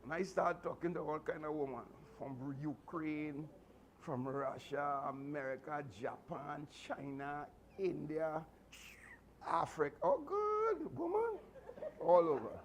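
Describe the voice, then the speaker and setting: A man's voice: on the high side, a little slow. Trinidadian male instructor, raised voice, chatty storyteller, faint background noise. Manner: animated, chatty, laughing asides. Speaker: martial arts instructor. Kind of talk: storytelling speech to a class.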